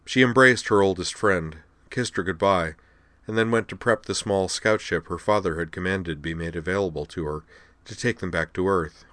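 Deep-voiced male audiobook narrator. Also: moderate pace, a bit bright, no room sound. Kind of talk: scripted narration.

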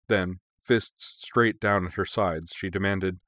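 A man narrates a storybook in a low, deep voice. His reading is even and measured. The recording is dry and close. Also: no echo. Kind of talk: audiobook narration.

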